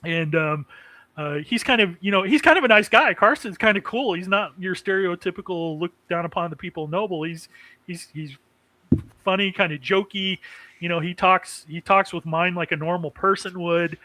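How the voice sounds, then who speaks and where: A man's voice: high voice, normal speed, bright, forceful tone, no room sound, poor audio. A man hosting a casual anime recap, rambling with many fillers and chuckling as he goes. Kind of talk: casual chat.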